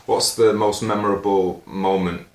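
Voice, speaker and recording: A man hosting a podcast in a relaxed, affirming way, speaking in slow drawn-out phrases. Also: fairly low pitch, slight background noise. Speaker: podcast host. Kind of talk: casual interview chat. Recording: roomy echo.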